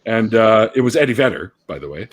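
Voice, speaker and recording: A middle-aged man hosting a casual online chat, telling lively stories, laughing often and swearing freely. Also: lowish voice, brisk, breathy edge, no room sound. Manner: animated, laughing storyteller who swears freely. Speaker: host.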